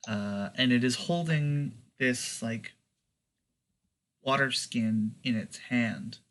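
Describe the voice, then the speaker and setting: A man narrating as game master of a tabletop game, in slow, halting narration with many fillers. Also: medium pitch, fairly bright tone.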